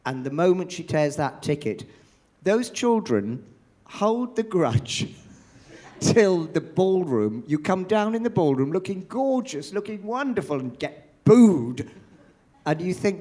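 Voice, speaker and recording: A man's voice: high voice, takes it slowly. An older man, a veteran pantomime performer, telling theatre stories in an interview and acting out the voices he quotes. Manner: animated storyteller, acts out quoted voices. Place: theatre after a show.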